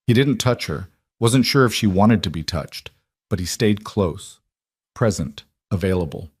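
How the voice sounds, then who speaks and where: Low, somber male storyteller. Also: expressive, moderate pace, breathy edge, no echo, studio quality. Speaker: narrator. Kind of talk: scripted storytelling voice-over.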